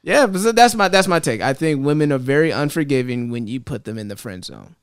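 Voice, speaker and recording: A man's voice: medium pitch, animated, a little fast, clean tone. A young man co-hosting a podcast, chatting casually and often restarting his sentences as he gives his opinions. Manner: stammers and restarts while giving his opinion. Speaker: podcast co-host. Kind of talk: casual chat.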